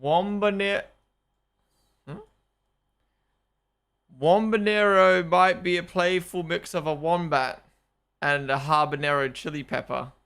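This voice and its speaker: A young man reacting live on stream, talking in an excitable, casual way and repeating his exclamations. His voice sits a little high, with a gravelly fry under a bright, tense edge. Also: slow, long pauses. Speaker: streamer watching a race broadcast.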